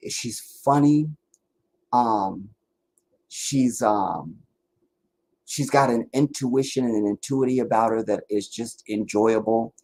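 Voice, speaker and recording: A man hosting a live stream, talking bluntly and profanely in a casual monologue, dropping to a low mutter and rising to loud mockery. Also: takes it slowly, poor audio. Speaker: livestream host.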